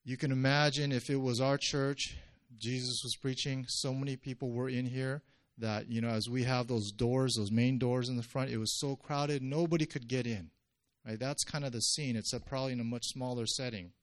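A male pastor giving a conversational sermon, jumping his pitch up when he acts out quotes. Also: fairly even intonation, normal speed.

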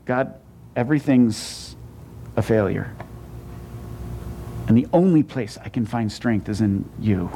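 A male pastor with a lowish voice preaches unhurriedly and pauses often, against slight background noise. His conversational sermon has frequent stammered restarts and sudden shifts between emphatic and hushed lines.

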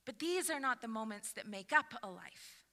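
A woman pastor giving a sermon to her congregation, building from calm reflection to lively, emphatic delivery. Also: on the high side, normal speed, in a large hall. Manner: expressive, rising to animated emphasis. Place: church sanctuary.

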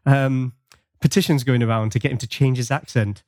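Recapping with enthusiasm and little bursts of laughter, a podcast co-host chats casually in a steady, brisk, mid-range voice with a darkish tone. The sound is dry and studio-clean.

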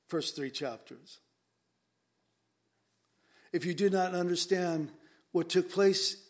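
A man preaching a conversational sermon to his congregation, earnest and emphatic, often repeating words as he presses a point. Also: a little high.

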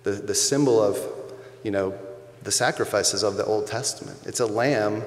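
A male pastor with a lowish voice gives a sermon at a moderate pace, conversational yet emphatic, repeating key phrases for weight. The recording is echoey, made in a church hall with long reverb.

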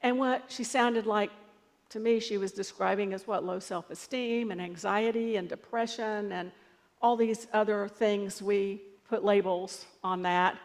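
A woman's voice: medium pitch, fairly even intonation, measured pace, in a large hall. A woman pastor giving a sermon in a conversational, storytelling way.

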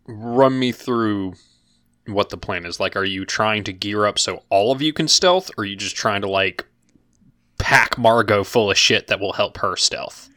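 A man's voice: lowish voice, a little slow, sharp tone. A man running a tabletop game as game master, laid-back and joking.

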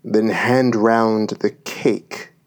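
A man's voice: fairly low pitch, steady tone, drawn-out words. A man doing a sleepy, yawning old lion. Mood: sleepy, languid. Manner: drawling, yawning between words. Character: weary sleepy male lion, deep and slow.

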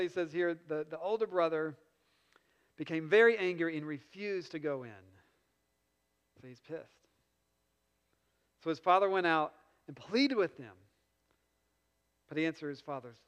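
A man preaching a sermon, retelling a story with lively swings between loud passages and quiet asides. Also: on the high side, clean tone. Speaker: pastor. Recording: long reverb in a large hall.

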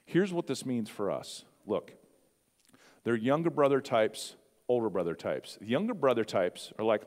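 A man's voice: medium pitch, big pitch swings, normal speed, darkish tone. A male pastor preaching a sermon in a conversational way, asking the congregation questions and adding asides. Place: church sanctuary. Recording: long reverb of a church hall.

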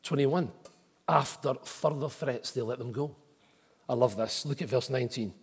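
A man preaching a sermon as pastor, emphatic and building to forceful repeated declarations. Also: mid-range voice, moderate pace, husky, in a large hall. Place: church auditorium.

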